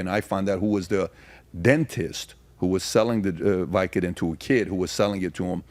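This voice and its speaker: A man's voice: sits low, brisk, dry recording. A man who is a guest on a podcast, telling stories in casual conversation. He turns emphatic and asks rhetorical questions when he argues. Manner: storytelling, turning emphatic and rhetorical when arguing.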